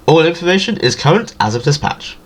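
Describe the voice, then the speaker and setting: Man, nasal and stuffed up, fast-talking jokey game-guide narrator. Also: fairly high pitch, very animated. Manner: jokey and self-deprecating. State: stuffy from allergies. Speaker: video game guide creator. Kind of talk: scripted gaming guide voice-over.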